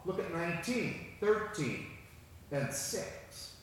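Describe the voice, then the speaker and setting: A man preaching a sermon and reading scripture aloud, slow and emphatic, repeating key phrases. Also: a little high, sing-song, fairly bright tone. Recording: echoey hall with long reverb.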